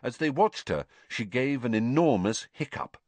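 A man reading a children's novel aloud as an audiobook narrator, expressive storytelling. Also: mid-range voice, moderate pace, no room sound. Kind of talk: scripted narration.

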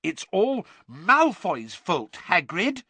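A man's voice: high-pitched, wildly swooping pitch, slow, bright, forceful tone, husky, dry recording, voice pushed up, heavily acted. A man doing an earnest teenage girl.

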